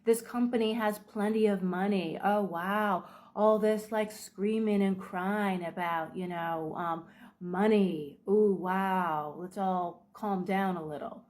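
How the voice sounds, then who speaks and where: A woman's voice: medium pitch, steady tone, slow, darkish tone, lightly acted. A woman voicing a manipulative, guilt-tripping psychopath who sounds self-pitying and dismissive. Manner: whiny, wounded and dismissive.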